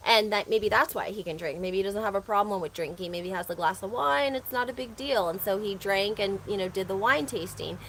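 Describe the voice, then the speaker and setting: A woman's voice: mid-range voice, a little fast, few pauses, fairly bright tone, a little hiss or hum. A woman with a Southern American accent hosting a casual gossip livestream, chatty and opinionated, often laughing between her points. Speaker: reality TV recap host.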